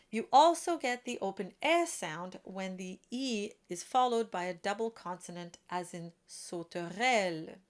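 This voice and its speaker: Woman teaching French diction, careful and clear. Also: medium pitch. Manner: clear, careful teaching, slows to model example words.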